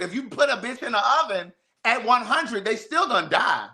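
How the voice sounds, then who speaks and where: A man with a high, bright, ringing voice chats on a podcast. His talk is blunt and animated, full of asides and casual swearing. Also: brisk. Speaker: podcast host. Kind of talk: casual chat.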